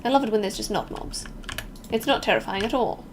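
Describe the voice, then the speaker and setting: A woman's voice: medium pitch, expressive, a little fast, background noise. A young woman from Melbourne with an Australian accent, chatting casually with viewers while streaming a game, reacting aloud and joking at her own expense.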